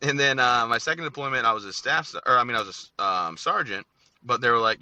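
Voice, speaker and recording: A man's voice: medium pitch, pushed and bright, dry recording. A man in his thirties, an Army veteran guest, telling blunt and joking stories in a casual interview. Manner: joking, blunt, fast-talking storyteller.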